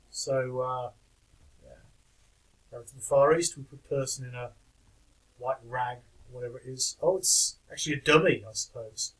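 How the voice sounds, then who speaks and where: A man's voice: medium pitch, normal speed, poor audio. A man giving casual reaction commentary on videos in a dry, wry, skeptical manner, with the odd chuckle.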